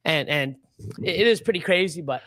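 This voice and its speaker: A man in his fifties hosts a casual chat in a slightly high voice. His talk rambles and swears, with frequent laughs. The sound is close and dry. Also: expressive, a little fast, fairly bright tone, dry recording. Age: 50s. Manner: rambling, profane, laughs often. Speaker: livestream host.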